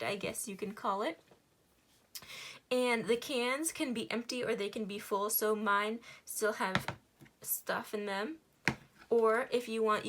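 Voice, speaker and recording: A woman teaching a virtual music lesson to elementary school children, explaining simply and encouragingly. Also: on the high side.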